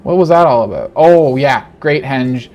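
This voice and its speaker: A man giving casual, animated commentary on his own card game, talking to himself and joking through his frustration. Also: medium pitch, moderate pace, highs cut off, slight background noise. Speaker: game streamer. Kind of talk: gameplay commentary.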